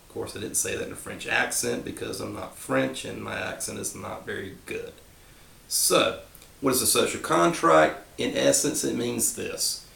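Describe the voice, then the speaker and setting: A man walks students through a civics review in a conversational teaching manner, asking and answering his own questions. His voice is very gravelly and mid-pitched. He is picked up from some distance in an echoey room. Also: a bit bright. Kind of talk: recorded classroom review lecture.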